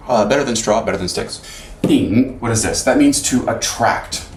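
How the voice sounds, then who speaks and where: A man giving a casual whiteboard lesson, rambling with lots of fillers and self-corrections. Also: on the low side. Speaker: language teacher. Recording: echoey room, faint background noise.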